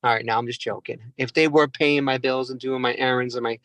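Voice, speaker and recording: A man's voice: medium pitch, steady tone, a little fast, a bit bright, no room sound, rough recording. A man doing stand-up comedy, rambling and mocking himself, often calling the crowd "guys".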